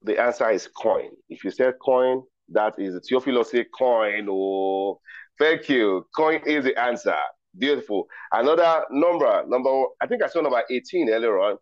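A man's voice: medium pitch, expressive, normal speed, no echo. A man hosting a virtual ceremony, running a riddle quiz in a playful, teasing way and reading out chat replies. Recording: dry, dull lo-fi call audio.

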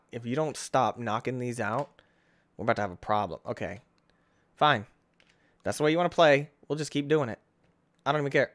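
A young man giving excitable playthrough commentary, breaking into sudden high yelps and self-mocking groans. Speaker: gaming channel host.

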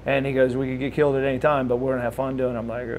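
Speaking at a racing clip in a mid-range voice, this former wrestler in his forties spins stories for a casual shoot interview. He's an animated teller who performs the voices of anyone he quotes. There's slight background noise.

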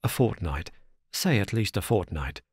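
A man doing a hoarse, desperate butler. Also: very animated, a little slow, dry recording, clean studio sound, full character voice. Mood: despairing. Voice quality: hoarse, low voice. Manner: pleading, despairing. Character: desperate older male butler pleading.

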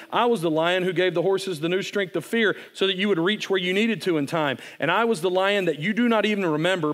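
A man voicing a great, calm lion in a story read aloud, speaking in a measured way. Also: sits high.

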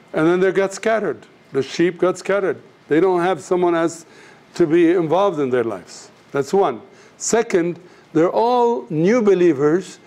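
A man's voice: a little high, dark tone. A man teaching a class, speaking earnestly and directly to his students, telling stories and acting out the people in them. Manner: storytelling, acts out voices in anecdotes. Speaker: missions teacher.

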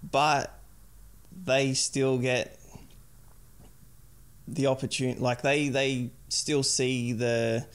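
A man's voice: mid-range voice, little pitch movement, extremely slow, pauses often, smooth. Rambling young man, "like" every line. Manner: rambling, heavy use of "like". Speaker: podcast guest. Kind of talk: casual chat.

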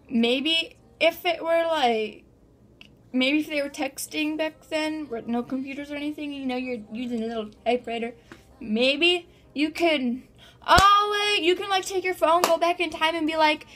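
A woman's voice: high voice, fairly bright tone. A young woman chatting casually as a vlogger, bubbly and giggly with lots of filler words. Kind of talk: casual vlog chat.

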